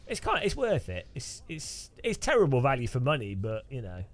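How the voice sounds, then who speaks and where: A man's voice: medium pitch, huge pitch swings, fairly quick, soft background music. A man casually chatting on a live stream, rambling with dry joking asides.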